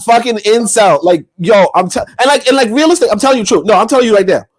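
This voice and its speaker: Male podcast co-host, lively high voice, rambling profane banter. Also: fast talker. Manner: animated, rambling, profane, laughs loudly. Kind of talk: casual podcast chat.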